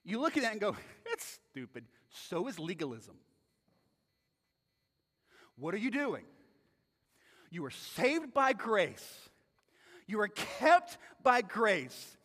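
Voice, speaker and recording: A man's voice: sits high, sing-song, takes it slowly, pauses often, a bit bright. A male pastor preaching a sermon in a conversational, emphatic way, repeating points for emphasis. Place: church sanctuary. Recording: long reverb in a church hall.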